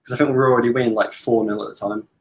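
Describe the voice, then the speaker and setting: A man in a casual football chat, telling stories in a relaxed, chatty way. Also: mid-range voice, racing. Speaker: guest on a watch-along.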